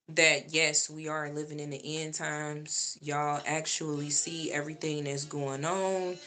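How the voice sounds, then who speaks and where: A woman vlogger speaks to her viewers in a casual, animated monologue. Her voice sits low, but its tone is bright and edgy. She takes her time and repeats lines for emphasis.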